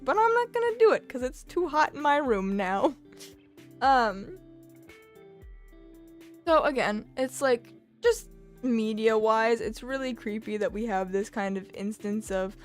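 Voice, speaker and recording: A woman's voice: fairly high pitch, fairly bright tone. A young woman vlogging from her bedroom, rambling casually with lots of fillers and restarts. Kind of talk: casual chatty commentary.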